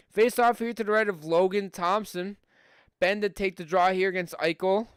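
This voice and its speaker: A man's voice: high voice, fairly bright tone, clear, resonant tone, dry recording, studio quality. A young man from Buffalo with a Western New York accent, a podcast host doing casual live hockey play-by-play on a stream, chatty with fillers and rising on scoring chances.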